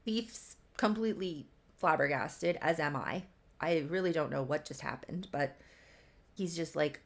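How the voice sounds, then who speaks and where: A woman's voice: low-pitched, a little slow, creaky. A woman casually recapping a soap-opera story she made, with chatty, self-deprecating asides. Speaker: creator recapping her own game story.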